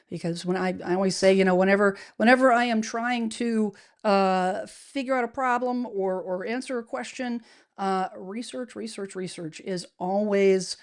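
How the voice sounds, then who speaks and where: Indoors in her home studio, a real estate advisor hosts a casual livestream, chatting in a medium-pitched, upbeat voice. She laughs often and uses many fillers and restarts.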